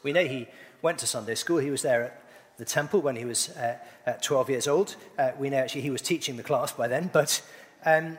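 A middle-aged man preaching a sermon, playfully quizzing his congregation. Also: mid-range voice. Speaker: pastor. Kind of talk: sermon with congregation call-and-response. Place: church hall. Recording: long reverb of a church hall.

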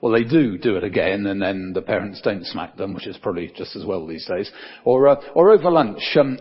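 Older male preacher, husky, lively pitch, conversational sermon, dull lo-fi sound. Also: moderate pace. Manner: conversational, many fillers, dips soft for emphasis.

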